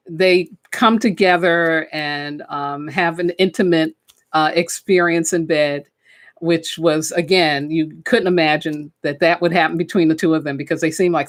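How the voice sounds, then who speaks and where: A woman hosting a spiritual talk show, chatting casually and enthusiastically about films, with frequent fillers. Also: low-pitched. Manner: enthusiastic, chatty, with many fillers and "you know". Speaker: podcast host and spiritual teacher. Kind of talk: casual spoken film commentary.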